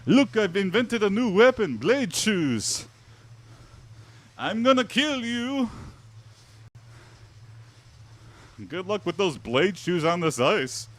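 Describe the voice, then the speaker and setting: Man voicing a goofy Icelandic-style caveman brute, loud, comic, fake accent. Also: big pitch swings, slow, full character voice. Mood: menacing. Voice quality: exaggerated made-up Nordic accent, high and shouting. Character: wild Nordic caveman warrior on ice, male, aggressive.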